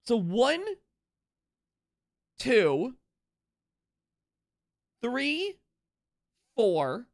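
A man streaming a video game live, thinking out loud and repeating himself, with sudden excited outbursts. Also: very high-pitched, extremely slow, pauses often. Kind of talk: live gameplay commentary.

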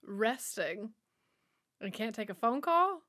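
A woman's voice: on the high side, sing-song, takes it slowly, heavy background noise. A woman giving a chatty, sassy running commentary while watching a film. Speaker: movie watch-along host.

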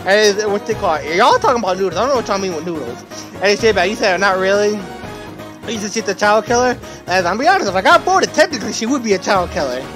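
A man's voice: high voice, expressive, fast, music in the background. A man giving playful, laughing let's-play commentary while he plays a game. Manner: playful, laughing, jumpy loud asides. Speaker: gaming streamer.

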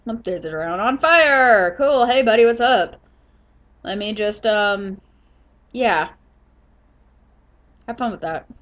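A woman's voice: medium pitch, expressive, takes it slowly, pauses often, fairly bright tone, muffled recording. A woman doing a casual voice-over of her own gameplay footage, sleepy and yawning, rambling with lots of fillers and restarts. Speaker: gaming channel host.

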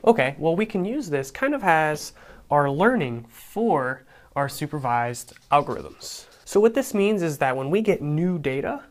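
A young man teaches a tutorial in a hushed, raspy voice, his throat sore. He keeps the tone casual and chatty, slipping in self-deprecating asides between explanations. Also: fairly high pitch, very animated, a little slow. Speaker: programming instructor.

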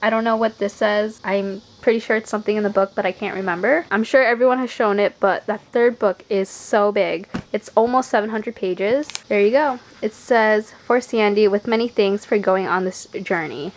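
A woman's voice: mid-range voice, moderate pace, few pauses, a little hiss or hum, low-quality recording. A young woman book vlogger, chatty and upbeat, filming herself on a phone. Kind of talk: casual vlog. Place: home.

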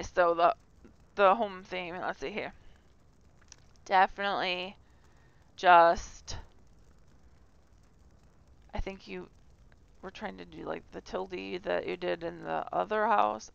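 Chatty, giggly woman with a gravelly voice. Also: lowish voice, a bit bright, no room sound, lo-fi sound. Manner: chatty, giggly, self-deprecating. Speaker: house tour host. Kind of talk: casual gameplay tour commentary.

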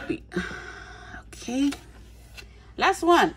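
A woman's voice: mid-range voice, lively intonation, unhurried, slight background noise. Gushing, gasping woman toy unboxer. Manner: gushing, gasps often, drops into soft whispers. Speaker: toy collector vlogger. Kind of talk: casual unboxing chat.

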